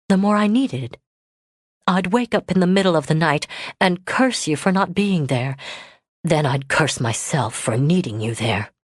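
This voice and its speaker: A woman voicing a man in a romance audiobook, who pours out a long-held love in a low, strained, earnest tone. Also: slightly rough, no echo, clean studio sound, heavily acted.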